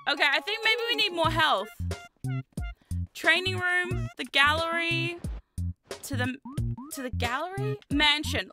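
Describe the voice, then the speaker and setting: Very high-pitched excitable woman gamer. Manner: excitable, shrieking and swearing at the game; self-mocking, chatty asides to viewers. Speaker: VTuber streamer playing a video game. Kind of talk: live gameplay commentary. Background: game music.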